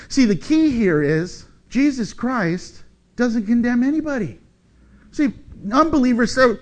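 A middle-aged male pastor preaching a sermon, animated, swinging between loud and soft and acting out the quotes he tells. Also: sits high, unhurried.

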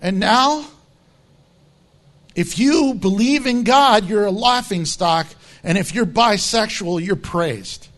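A man preaching as pastor, blunt and emphatic, with low, quiet asides in a conversational sermon. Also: expressive, takes it slowly.

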